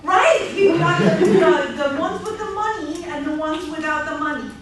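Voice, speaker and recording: Animated woman lecturing in an echoey classroom. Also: high voice, normal speed, far from the mic. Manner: lively, storytelling, laughing often. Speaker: anthropology lecturer. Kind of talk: classroom lecture with humorous anecdotes. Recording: echoey classroom recorded from afar, noisy.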